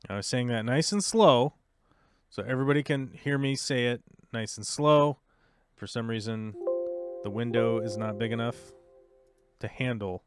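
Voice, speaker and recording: A man hosting a casual livestream podcast, muttering and complaining to himself while he struggles with software, talking to his viewers. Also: medium pitch, normal speed, clean tone, no room sound, studio quality. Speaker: podcast host.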